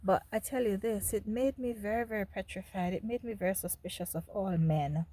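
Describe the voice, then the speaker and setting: A woman's voice: medium pitch, fairly quick, mellow. A woman from Jamaica with a Jamaican accent, telling her own story in a candid monologue to her viewers and laughing between remarks. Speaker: host.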